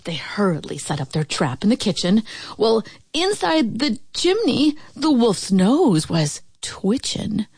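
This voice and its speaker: A woman reading a rhyming picture book aloud in an expressive, playful way. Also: a little high, unhurried, vocal fry, breathy edge, dry recording. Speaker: storyteller.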